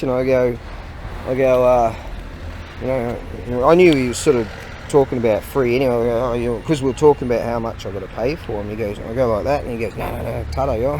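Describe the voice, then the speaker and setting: A chatty man, recorded outdoors as a vlogger, talking at an ordinary, middling pitch. Faint traffic noise hums behind him as he rambles on in an easygoing way, breaking into laughter now and then. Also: darkish tone. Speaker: vlogger and online seller. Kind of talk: casual chat. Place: outdoors near a hardware store.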